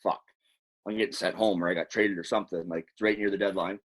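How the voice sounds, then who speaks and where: A man's voice: low voice, quick pace. A man, a former hockey player, telling long rambling stories on a podcast in a casual, profane way. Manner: rambling, profane, animated storyteller. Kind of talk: casual storytelling.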